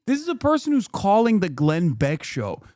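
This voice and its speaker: A man hosting a live stream, giving profane, excitable and mocking political commentary. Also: sits high, normal speed, dry recording, studio quality. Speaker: streamer host.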